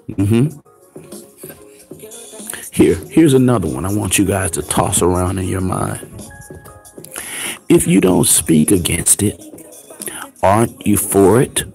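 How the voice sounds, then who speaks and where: A man's voice: deep voice, creaky, warm tone. A man hosting his own online show, delivering a confrontational, preachy rant full of taunting rhetorical questions. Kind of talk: ranting commentary.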